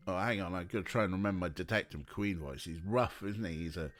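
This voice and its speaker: A man streaming a point-and-click game, chatting lively and laughing easily between lines of dialogue. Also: low-pitched, quick pace, few pauses. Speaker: let's play streamer. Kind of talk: game commentary, reading dialogue aloud.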